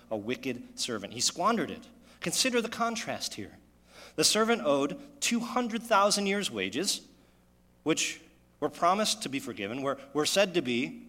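A man preaching a sermon, animated and full of rhetorical questions, his voice echoing in a church hall. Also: medium pitch. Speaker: pastor.

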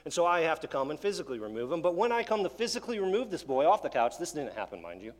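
A man's voice: fairly high pitch, big pitch swings, fast talker, big-room sound. A man preaching a sermon in a conversational, emphatic way, with asides and restarts. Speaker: pastor.

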